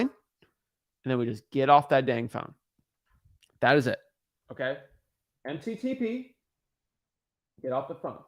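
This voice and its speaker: A young man coaching on a live stream, emphatic and repetitive, driving his points home. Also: on the high side. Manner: emphatic, repetitive, acts out callers' voices. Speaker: real estate wholesaling coach. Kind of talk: energetic live-stream teaching.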